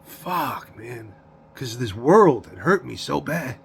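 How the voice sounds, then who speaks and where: A vlogger in his forties looks back on his past in a rambling, profane, confessional monologue, repeating words, laughing between lines and saying "you know what I mean" a lot. His mid-range voice is animated yet slow, with vocal fry and a breathy edge.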